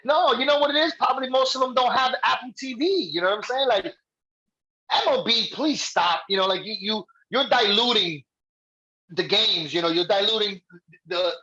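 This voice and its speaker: A man chatting as a guest on a sports fan livestream, excitable and rambling. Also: high voice, normal speed, muffled recording. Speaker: guest co-host. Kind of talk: casual fan chat.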